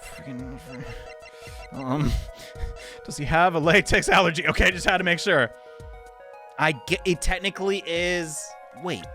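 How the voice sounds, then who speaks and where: A man playing a video game and commenting as he goes, excitable and self-mocking, talking to himself. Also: a little high, unhurried, pauses often, faint music behind. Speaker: gaming YouTuber. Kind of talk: let's-play commentary.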